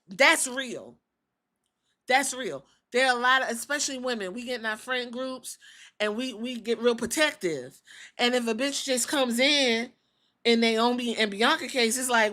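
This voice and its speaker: A woman podcast host giving blunt, animated, profane commentary in a casual, opinionated way. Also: a little high.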